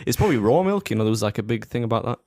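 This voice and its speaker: A man's voice: mid-range voice, animated, quick pace, darkish tone, no room sound. Brief: young male podcast co-host, rambling, sweary, giggly; dry close-mic sound. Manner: swears freely, laughs often, rambling. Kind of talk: casual chat.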